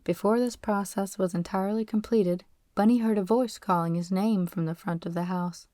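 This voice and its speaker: A woman narrating a novel as an audiobook, reading in a steady, expressive way. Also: medium pitch, moderate pace, dry recording, studio quality.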